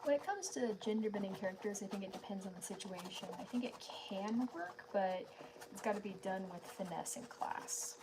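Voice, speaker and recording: A woman's voice: medium pitch, creaky, a little mellow, a little hiss or hum. A woman chatting casually on a live art stream at home at night. She laughs often and keeps her voice down so her family is not disturbed. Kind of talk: casual live-stream chat while drawing.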